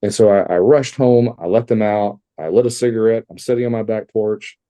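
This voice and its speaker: A middle-aged man from Texas speaks in a low, very dark, mellow voice. He tells his story candidly as a podcast guest, with loose fillers and blunt asides. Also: brisk, clean tone. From Texas, USA. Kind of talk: personal storytelling in an interview.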